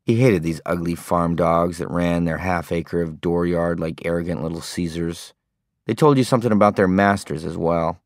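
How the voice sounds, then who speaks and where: A man narrating an audiobook in a steady, understated way. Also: sits low, moderate pace, no room sound, clean studio sound. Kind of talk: scripted narration.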